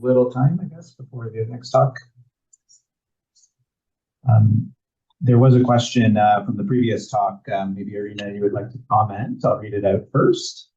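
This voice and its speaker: Halting male moderator, dull distant audio. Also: fairly low pitch, warm tone, husky. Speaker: session moderator. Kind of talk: moderating a question period.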